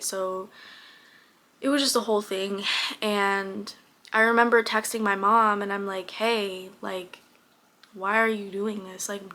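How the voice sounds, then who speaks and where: A woman's voice: mid-range voice, sharp tone. A young woman casually telling a personal story straight to camera, candid, with lots of fillers and some swearing. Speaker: vlogger.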